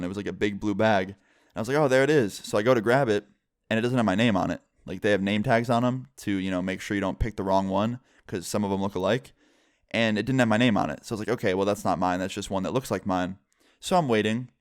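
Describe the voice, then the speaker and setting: A young man telling a rambling, excitable story to camera in a casual vlog style, full of "like" and acted-out quotes. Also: fairly low pitch, smooth, no echo, studio quality. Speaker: vlogger.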